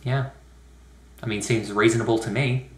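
A young man hosting a comedic rant video, talking with sarcastic, deadpan asides. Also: mid-range voice, moderate pace. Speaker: YouTube host. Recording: roomy echo.

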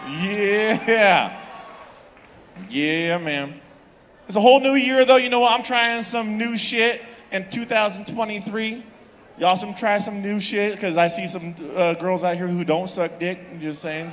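A young man doing a crude stand-up set in a comedy club, animated and laughing at his own jokes. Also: high-pitched, slight background noise. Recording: reverberant club from the room.

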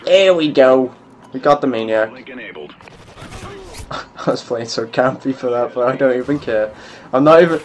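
A man's voice: medium pitch, big pitch swings, measured pace, long pauses. A young man giving gameplay commentary, muttering to himself and swearing at the game. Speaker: gaming YouTuber.

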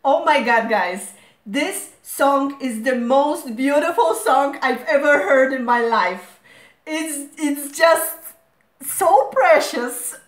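High-voiced hoarse woman gushing in echoey room. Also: slow. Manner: gushing, squealing fan. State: hoarse from screaming. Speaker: reaction video host. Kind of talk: excited reaction vlog.

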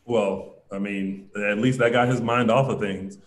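A man's voice: lowish voice, fairly even intonation, a little slow, a little hiss or hum. A man co-hosting a casual chat, reading out viewer comments as he recaps a soap opera. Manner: conversational, reads out viewer comments. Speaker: co-host. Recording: echoey room sound.

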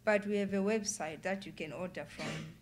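A woman's voice: on the low side, moderate pace, background noise, lightly acted. A woman author voicing a polite, apologetic young customer service agent on the phone, read aloud from a novel.

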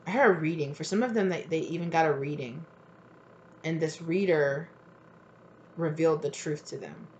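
A woman doing a casual tarot reading, rambling and animated, swearing freely and acting out what people say. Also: low-pitched, normal speed, pauses often, muffled recording, a little hiss or hum. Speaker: tarot reader.

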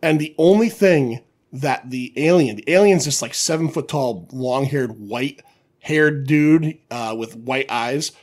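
A man's voice: medium pitch, measured pace. A man co-hosting a casual movie podcast, rambling freely and cursing as he goes. He laughs in the middle of his own stories and keeps circling back to his point. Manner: rambling, swears a lot, laughs while talking. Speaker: podcast co-host. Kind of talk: casual chat about movies.

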